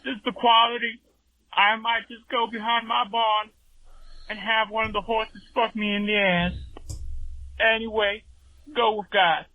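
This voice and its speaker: A man's voice: sits high, little pitch movement, a little slow, long pauses, no echo. A man phoning in as a put-on country bumpkin with a fake rural Southern drawl, complaining in mock earnest on a voicemail. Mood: mock indignant. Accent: put-on rural Southern US accent. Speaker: caller. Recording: tinny phone line voicemail.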